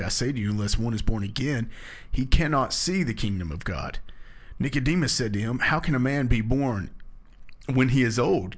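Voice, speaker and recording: A man leading a casual scripture discussion, reading verses aloud and explaining them in an earnest, emphatic way. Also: mid-range voice. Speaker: Bible study discussion leader.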